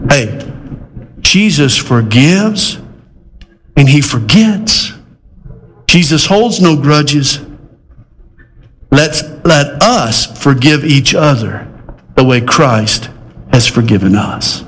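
A high-voiced man delivers a sermon. He mixes folksy humor with loud, emphatic exhortation that swings up high and then settles into slow, low, earnest lines. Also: expressive. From American South. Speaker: preacher.

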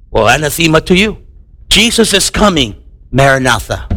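A man's voice: on the high side, sing-song, normal speed, pauses often, pushed and bright. A middle-aged man from the United States preaching a sermon, acting out the voices of people in his stories. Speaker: pastor.

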